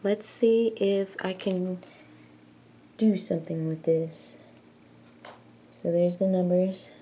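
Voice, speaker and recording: A woman's voice: fairly low pitch, fairly even intonation, slow pace, warm tone, a little hiss or hum. A woman vlogging in a casual chat, rambling and self-mocking as she tinkers and jokes.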